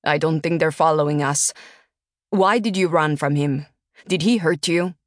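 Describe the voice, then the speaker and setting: A woman reading an audiobook and voicing a tense, blunt male driver who speaks slowly and heavily. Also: low-pitched, no room sound, clean studio sound, natural voice. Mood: guarded, blunt. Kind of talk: audiobook character voice.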